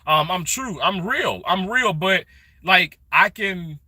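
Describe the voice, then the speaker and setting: A middle-aged man talks to his viewers on a live stream from his phone, greeting each by name. His voice sits a little high and rings very bright. The sound is dry and close, with no room around it. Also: animated, slow pace, no echo. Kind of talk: casual live stream chat. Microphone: phone held vertically.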